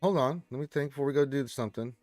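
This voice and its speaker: A man hosts a casual gaming livestream, chatting loosely and reading viewer comments in a laid-back, rambling, joking way. His medium-pitched voice is a little mellow and quick, captured in a dry recording.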